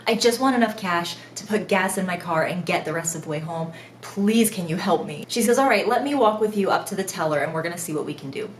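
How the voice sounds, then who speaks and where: A young woman, a mother and vlogger, telling a travel mishap story in an animated, self-mocking way with frequent laughter. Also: fairly low pitch, fast talker, hardly any pauses, roomy sound, a little hiss or hum. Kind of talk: storytime vlog.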